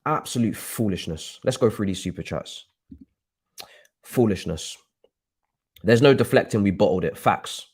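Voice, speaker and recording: A man's voice: on the low side, animated, unhurried, long pauses, darkish tone, husky. A man ranting angrily on a live stream about his football club, swearing and repeating himself. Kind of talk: heated live-stream rant.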